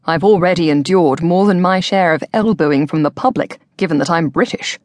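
A woman voicing a polite, wealthy British gentleman with a formal, dry-humored manner. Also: fairly low pitch, brisk, no echo, lightly acted. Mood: courteous.

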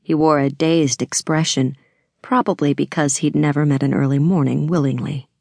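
Low-voiced woman reading a novel. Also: no echo, studio quality. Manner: measured storytelling. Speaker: audiobook narrator. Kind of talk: scripted narration.

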